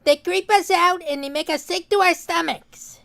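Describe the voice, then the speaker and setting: A man's voice: very high voice, moderate pace, gravelly, fairly bright tone, exaggerated voice. A man voicing a smug, hateful schoolboy who delivers a class speech in a nasal, sneering, mock-solemn way. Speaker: student speaker. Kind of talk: cartoon voice acting.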